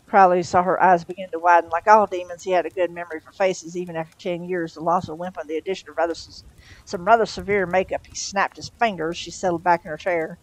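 A woman reading a novel aloud in a steady, expressive storytelling manner. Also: on the low side, fast, rough recording. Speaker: reader.

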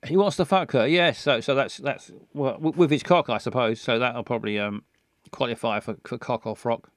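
A man's voice: medium pitch, normal speed, no room sound, clean studio sound. A man, giving bawdy, joking commentary on a game stream.

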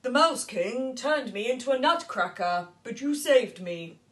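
A woman's voice: fairly high pitch, animated, unhurried, fairly bright tone, reverberant. A woman playing a tender, grateful young prince.

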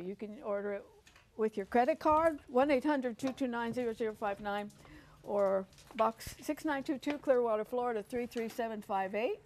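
A woman's voice: medium pitch, a little mellow. An older woman hosting a Christian television talk show, chatty and earnest, often repeating herself and using fillers. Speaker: host.

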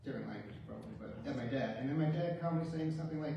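A man's voice: mid-range voice, quick pace, gravelly, dark tone, slight background noise. A man giving a eulogy for his father in a church, telling humorous stories with a wry, chuckling manner. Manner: wry storytelling with light chuckles. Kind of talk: funeral eulogy with humorous anecdotes. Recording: very echoey church, distant mic.

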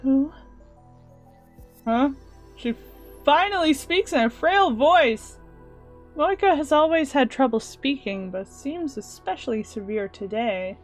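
A woman reading a visual novel aloud, narrating and reacting with animated asides. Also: high-pitched, slow pace, pauses often, soft background music. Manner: animated reactions and filler sounds. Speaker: let's play host.

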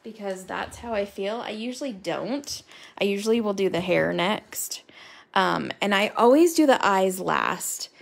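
Slow, gravelly woman rambling while coloring. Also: mid-range voice, lively intonation. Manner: chatty and rambling, talks to chat viewers by name. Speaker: crafter coloring live with viewers.

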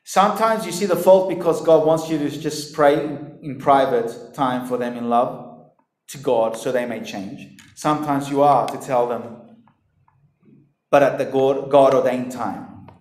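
A man preaching a sermon in an animated, emphatic way, talking straight to his listeners. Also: medium pitch, unhurried. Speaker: pastor. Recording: echoey room.

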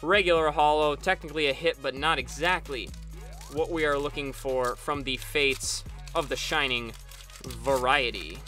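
A young man talks his viewers through a card pack opening, listing each card in turn and getting loud and excited over the good ones. His voice sits fairly high for a man and has a bright, forceful edge. Soft music plays underneath. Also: moderate pace. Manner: excitable, rattles off card names, bursts of cheering at good pulls. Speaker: channel host opening trading card packs. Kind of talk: casual pack-opening commentary.

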